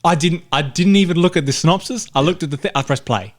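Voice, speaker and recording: A man's voice: fairly high pitch, fast talker. A man co-hosting a podcast, talking movies in a casual, emphatic way and repeating phrases for punch. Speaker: podcast co-host. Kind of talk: casual movie review chat.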